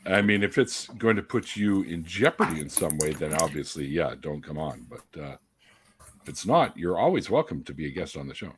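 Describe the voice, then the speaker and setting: A man hosting a casual online chat show, speaking warmly to viewers in the live chat. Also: rumbling low, big pitch swings, normal speed, background noise. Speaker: podcast host.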